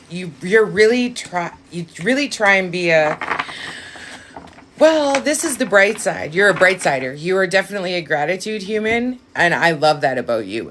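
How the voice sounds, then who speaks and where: A woman with a slightly low voice hosts a casual live-stream reading. She talks straight to her viewers, blunt and quick to swear. Now and then she jumps up in excitement, then sinks into a quiet aside. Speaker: live-stream tarot reader.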